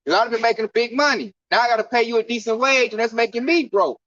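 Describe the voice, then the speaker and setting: A man's voice: very high voice, fast talker, a bit bright, no room sound. A man preaching and teaching scripture at an outdoor camp gathering in a fiery, slangy, preachy way. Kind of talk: street sermon teaching. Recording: dull lo-fi dry recording.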